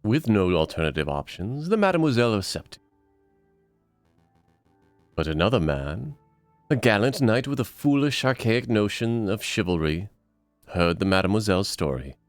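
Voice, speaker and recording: Smooth con-artist aristocrat with a hammy fake accent, low and lively, dry sound, a man putting him on. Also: normal speed, long pauses, no echo, soft background music. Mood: conspiratorial. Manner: theatrical fake foreign accent, courtly. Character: smooth-talking male con man posing as nobleman.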